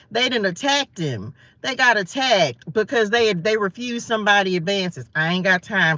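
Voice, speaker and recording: A woman's voice: mid-range voice, bright, forceful tone, dry recording, muffled recording. A woman from the American South, hosting a casual morning Bible study livestream from her car, chatty, playful, laughing at herself. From Southern United States. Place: parked car.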